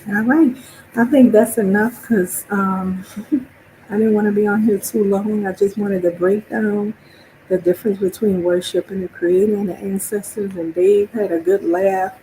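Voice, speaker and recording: A woman's voice: medium pitch, fairly even intonation, moderate pace, warm tone, slight background noise, poor audio. A woman from New Orleans with a New Orleans accent, streaming a casual monologue, chatty and laughing often as she acts out her own reactions.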